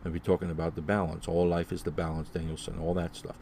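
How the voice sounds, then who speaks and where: Low, dark-voiced man rambling solo. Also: little pitch movement, fast, gravelly, a little hiss or hum. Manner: rambling and repetitive, many fillers. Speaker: podcast host. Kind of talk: solo casual podcast monologue.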